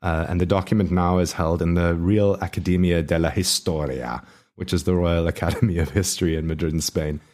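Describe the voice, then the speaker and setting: A man's voice: deep voice, fairly even intonation, brisk, a little mellow. A man co-hosting a podcast in casual chat, rambling and laughing often as he loses his thread. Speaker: podcast co-host.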